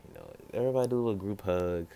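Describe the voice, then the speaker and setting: Low-voiced young man rambling a fan story. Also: sing-song, quick pace, vocal fry, dark tone, smooth. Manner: rambling, loose with fillers and "yada yada"; acts out other characters in brief pitch jumps. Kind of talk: casual improvised fan story.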